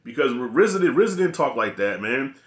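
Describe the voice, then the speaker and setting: A man's voice: medium pitch, very animated, fairly quick. Rambling slangy man in an echoey room. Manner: loose, rambling, slangy and profane. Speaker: video reviewer. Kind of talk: casual spoken review.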